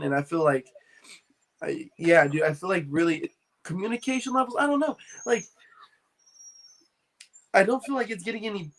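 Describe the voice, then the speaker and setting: A laid-back man hosting a loose podcast conversation, rambling with constant "like" and "dude." His voice sits a little higher than most men's. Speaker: podcast host. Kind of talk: casual podcast chat.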